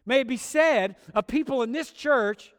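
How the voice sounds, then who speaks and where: A male pastor preaching a fervent sermon, slowing down and swelling on key phrases. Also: very high voice, clean tone, in a large hall. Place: church sanctuary.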